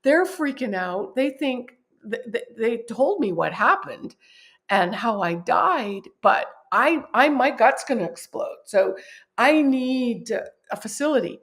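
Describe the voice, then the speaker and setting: A woman guest on a podcast, telling a personal story in a vivid, animated way and often laughing at herself. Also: a little high, takes it slowly. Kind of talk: personal storytelling in a conversational interview.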